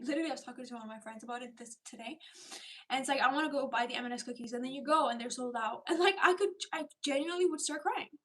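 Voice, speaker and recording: A young woman chats with her viewers on a relaxed livestream, her voice pitched high. She rambles from thought to thought, leans on "like" as a filler and laughs often. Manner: chatty and rambling, with many "like" fillers and frequent laughs. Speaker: livestream host. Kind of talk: casual livestream chat with viewers.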